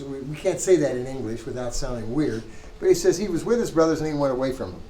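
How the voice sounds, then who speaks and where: A man teaching a Hebrew reading class, thinking aloud with halting restarts as he parses the text. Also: medium pitch, lively intonation, mellow, roomy sound, low-quality recording. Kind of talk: classroom lecture.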